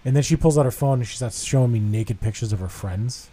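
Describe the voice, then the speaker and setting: A man in his thirties spins a long, rambling anecdote in casual banter with a friend. He talks in an animated, self-mocking way, with plenty of cursing and mid-range pitch. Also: fast talker, slightly rough. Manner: profane, self-deprecating, animated storytelling. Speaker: podcast co-host. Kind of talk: casual storytelling chat.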